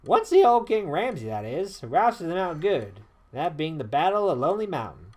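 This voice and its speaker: A man's voice: fairly high pitch, wildly swooping pitch, moderate pace, a little mellow. A man putting on a folksy old Southern weapon master. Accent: Southern US, put on. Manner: folksy, grumbling, calls the hero lad. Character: old gruff male weapon master, boastful, talkative.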